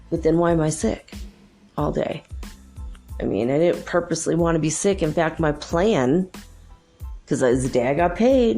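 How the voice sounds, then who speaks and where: A woman's voice: deep voice, warm tone. A middle-aged woman hosting her show, telling a story in a chatty, exasperated way with lots of fillers. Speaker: host. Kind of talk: casual monologue to listeners.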